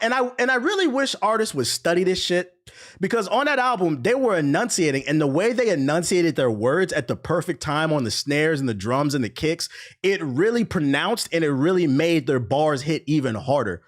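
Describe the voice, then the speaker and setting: A man's voice: high-pitched, fairly bright tone. A man hosting a casual reaction show, giving blunt, profane verdicts on rap verses and often laughing. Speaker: host reacting to rap songs.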